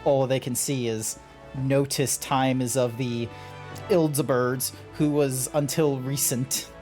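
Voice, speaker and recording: A man's voice: mid-range voice, fairly even intonation, slow, a little mellow. Guy streaming a game, rambly casual chat, curses a lot, laughs a bunch, faint music behind. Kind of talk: casual chat while gaming.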